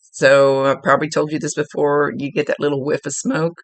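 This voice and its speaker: A woman's voice: low voice, little pitch movement, fairly quick, dry recording. A woman working as a psychic medium, giving a spirit reading to a client in a rambling way, searching for words and restarting her sentences.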